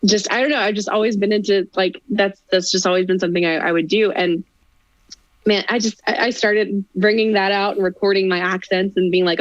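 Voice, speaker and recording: A young woman in her twenties chats easily as a podcast guest, laughing often and poking fun at herself. Her voice sits at a middle pitch for a woman. The recording is dry and somewhat muffled. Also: fairly quick, no room sound. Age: 20s. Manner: chatty, laughs often, self-deprecating asides. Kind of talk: casual chat.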